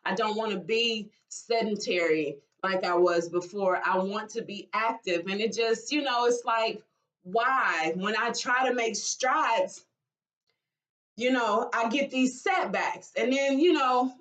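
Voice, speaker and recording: A woman, talking in a halting, emotional way in a personal vlog, with sighs and restarts. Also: a little high, a bit bright, recorded from a distance. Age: 40s. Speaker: vlogger.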